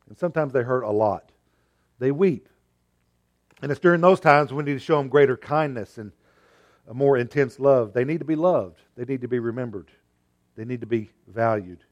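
A man preaching a sermon, asking rhetorical questions and swinging between loud and quiet delivery. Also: medium pitch, muffled recording.

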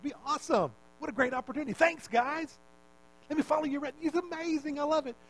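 A man's voice: extremely high pitch, fast talker, fairly bright tone, pitched above the performer's own voice, poor audio. A man doing a vain boastful sorcerer. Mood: gloating. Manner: gloating, self-satisfied.

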